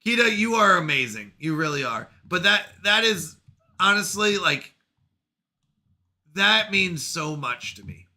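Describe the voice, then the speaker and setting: Bright, high-voiced man in his thirties. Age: 30s. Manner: animated, reads chat aloud with quick reactions and apologies. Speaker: streamer reading chat. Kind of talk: casual live-stream chat.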